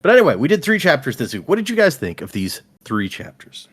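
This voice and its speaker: A man's voice: on the high side, huge pitch swings, fast, husky. A man hosting a casual book podcast, friendly and laughing a lot. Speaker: podcast host. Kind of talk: casual book-club chat.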